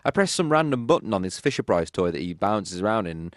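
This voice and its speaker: Chill guy in his 20s, talks quick, low-ish voice, dry studio sound. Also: big pitch swings, dry recording. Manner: chatty, laid-back, playful. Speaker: interview guest, pop singer. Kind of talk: casual radio interview chat. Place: radio studio.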